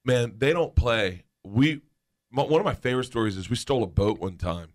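Animated man telling wild stories. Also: medium pitch, fairly quick. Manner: animated, laughs often, acts out voices in stories. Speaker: guest storyteller. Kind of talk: casual chat, anecdote telling.

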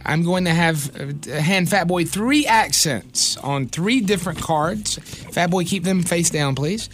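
Role: lively radio host, man. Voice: fairly high, very animated pitch. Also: a little slow, a little hiss or hum. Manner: folksy, jokey, explains rules patiently. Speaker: radio morning show host. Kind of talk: lively radio banter and game hosting.

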